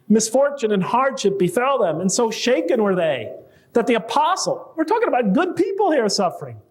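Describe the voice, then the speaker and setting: A man's voice: very high voice, darkish tone. A man giving a conversational public lecture to a live audience, asking rhetorical questions and reading quoted verses aloud.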